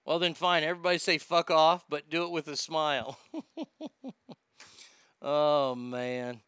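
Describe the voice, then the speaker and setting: A man talks through a casual podcast, swearing freely and rambling between listener comments. His voice is bright and crisp, a little high for a man. The sound is dry and close. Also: little pitch movement, unhurried, no room sound. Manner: profane, rambling, reads listener comments aloud. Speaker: podcast host.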